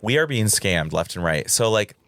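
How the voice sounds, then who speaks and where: Ranting low-voiced podcast man, dry sound. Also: sing-song, moderate pace, a bit bright, no echo. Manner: exasperated ranting, swearing, acting out quoted people. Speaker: podcast co-host. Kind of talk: casual chat.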